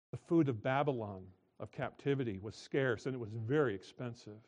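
A man preaching a sermon, swinging between emphatic, loud lines and quiet, drawn-out ones. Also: mid-range voice, lively intonation. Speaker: pastor.

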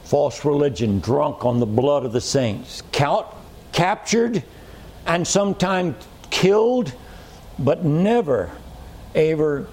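A male pastor preaching a sermon to a congregation in a church, slow and emphatic, stressing his points with repetition and rhetorical questions. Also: on the high side, animated, a little mellow, a little hiss or hum.

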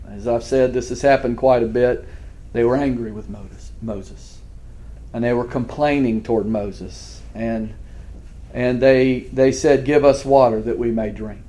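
A man's voice: medium pitch, warm tone. A man preaching a sermon as pastor, earnest and fervent, often restarting his words.

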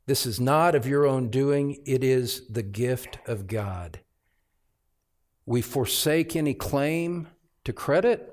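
Slow, emphatic preacher man. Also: mid-range voice, expressive. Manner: emphatic, swings from hushed to loud, repeats phrases. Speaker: pastor. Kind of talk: expository sermon. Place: church sanctuary.

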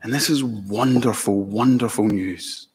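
A man preaching a sermon as pastor, slow and emphatic, building to fervent peaks. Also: lowish voice, darkish tone, slightly rough. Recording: long hall reverb.

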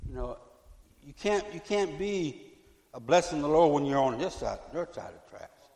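Middle-aged male pastor, slightly high voice, fervent repetitive sermon, long church reverb. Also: expressive, moderate pace, creaky. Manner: fervent, repetitive, swinging from loud to hushed. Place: church sanctuary. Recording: echoey church hall.

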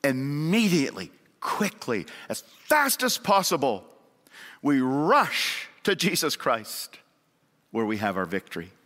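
A man preaching a sermon in earnest, moving between raised emphasis and hushed appeals. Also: mid-range voice, huge pitch swings, takes it slowly. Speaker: pastor. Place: church sanctuary. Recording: long church hall reverb.

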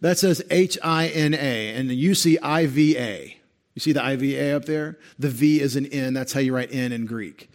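Pastor teaching Greek from the pulpit. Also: male voice, medium pitch, normal speed. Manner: teacherly, explains Greek grammar patiently with pointer. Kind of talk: expository sermon.

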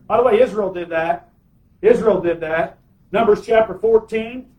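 A man's voice: high-pitched, normal speed, darkish tone, echoey room, recorded from a distance, highs cut off. A man preaching a sermon as pastor, emphatic, calling for amens from the congregation. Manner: emphatic, call-and-response preaching.

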